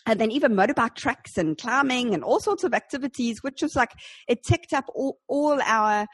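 A woman's voice: a little high, moderate pace, slightly rough, no room sound. A woman, a church planter, chatting casually in an interview with many fillers like "um" and "like".

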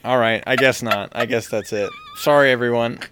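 A man's voice: mid-range voice, moderate pace, background noise. A man co-hosting a podcast in casual, wry chat. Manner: laid-back, wry, easily exasperated. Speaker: podcast co-host.

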